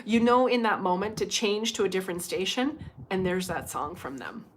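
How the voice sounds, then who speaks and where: A woman talking casually on a livestream as a psychic medium, telling stories in a chatty, animated way and chatting with her viewers. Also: medium pitch, moderate pace, slight background noise. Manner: chatty, animated storytelling with frequent asides to viewers. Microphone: livestream microphone.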